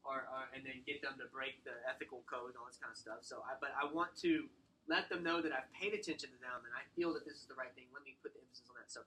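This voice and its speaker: A man's voice: medium pitch, steady tone, quick pace, bright, forceful tone, a little hiss or hum. A man leading a sales training workshop, coaching the group in a direct, upbeat way. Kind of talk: workshop teaching.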